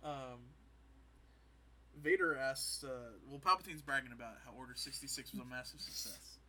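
A man in casual podcast chat, retelling comedy scenes and slipping into quick voices, often laughing. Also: medium pitch, pushed and bright.

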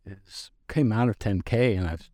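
A man's voice: fairly low pitch, normal speed, mellow, dry recording, studio quality. A man in his sixties, a podcast guest, telling stories about himself in a rambling, self-deprecating way with lots of restarts. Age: 60s. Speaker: podcast guest, business founder. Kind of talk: casual storytelling interview.

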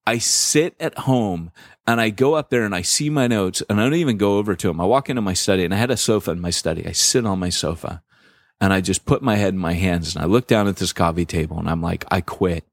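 Middle-aged male podcast co-host, low voice, dry close sound, slangy animated storyteller. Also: fast, no room sound. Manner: animated, slangy, lots of fillers. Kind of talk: casual storytelling chat.

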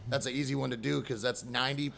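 A man's voice: medium pitch, flat delivery, fast, creaky, a crowd in the background. A man, a comedian guest, telling blunt, crude stories with dry humor in casual chat.

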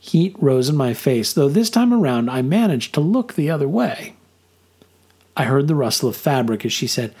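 A man reading a first-person story aloud in steady, measured narration. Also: mid-range voice, slightly rough.

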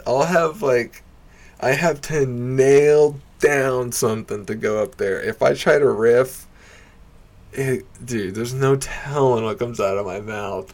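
Slow and medium-pitched, this amateur stand-up comic tells a bar story in a relaxed, wandering fashion. He swears often, uses lots of "like" and "you know," and stays animated, laughing along the way.

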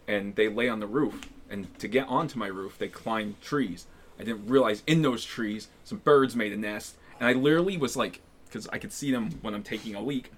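A man's voice: lowish voice, moderate pace, husky. A young man telling laid-back, profane anecdotes in casual chat among friends.

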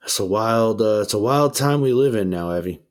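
A man's voice: fairly low pitch, expressive, moderate pace. A young man hosting a casual chat, telling a long story in a laid-back, profane way with many fillers and acted-out quotes. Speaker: podcast host.

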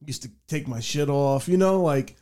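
A man's voice: on the high side, moderate pace, warm tone. Profane New guy telling stories. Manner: rambling, profane, laughs mid-story. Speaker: podcast host. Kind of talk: casual storytelling chat.

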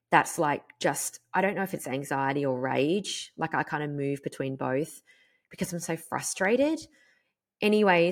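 A woman in her thirties, hosting a podcast and telling a personal story in a frank, animated way with casual swearing. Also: deep voice. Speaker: podcast host. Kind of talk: candid personal monologue.

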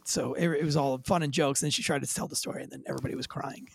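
A man, a former police officer, telling a dramatic story with high energy as an interview guest, acting out quoted lines. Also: rapid-fire.

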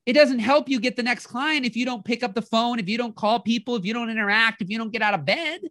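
Animated motivational podcast host. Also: medium pitch, fast talker, no echo, clean studio sound. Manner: animated, acts out inner voices, keeps asking "right?".

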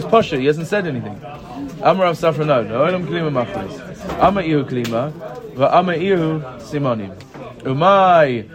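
A man teaching a text study class, reading short passages aloud and explaining them in casual English with constant "right? yeah?" checks to his students. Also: a little high. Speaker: Talmud teacher. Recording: room with group chatter heard.

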